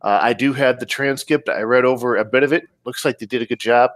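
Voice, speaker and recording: A man hosting a casual tech podcast, talking in a relaxed way with many ums and restarts. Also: medium pitch, fast talker, no room sound. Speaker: podcast host. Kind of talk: casual podcast chat, reading listener comments.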